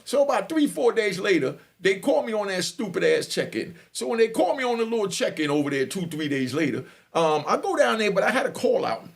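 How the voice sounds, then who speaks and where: A middle-aged man telling a story in casual, animated speech, often asking listeners if they follow. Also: sits high, brisk, vocal fry, hardly any pauses. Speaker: storyteller and channel host.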